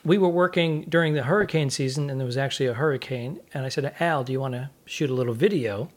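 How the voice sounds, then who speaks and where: A man's voice: medium pitch, fast talker. A man co-hosting a comedy podcast in casual chat, making jokey, playful asides. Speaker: podcast co-host.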